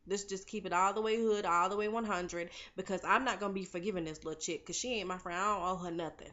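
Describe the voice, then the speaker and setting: A woman's voice: mid-range voice, quick pace, bright, forceful tone, close to an everyday voice. A woman voicing a brash, outspoken woman who owns a salon, talking bluntly and threateningly, on a dull lo-fi recording. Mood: defiant.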